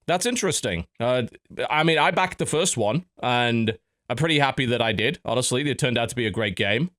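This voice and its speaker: A man's voice: medium pitch, expressive, a little fast, fairly bright tone. A man hosting a podcast in casual chat, telling stories with lots of restarts. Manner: chatty storyteller, many restarts. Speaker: podcast host.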